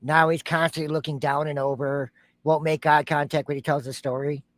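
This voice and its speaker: A man's voice: fairly high pitch, little pitch movement, brisk, a bit bright, no room sound. A man co-hosting a reaction show, giving incredulous, sarcastic commentary.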